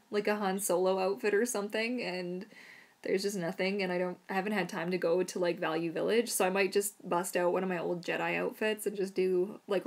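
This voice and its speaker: A woman casually answering viewer questions on a live stream, chatty and rambling, unwell with throat trouble. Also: medium pitch. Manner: chatty, rambling, soothing her dog in whispers.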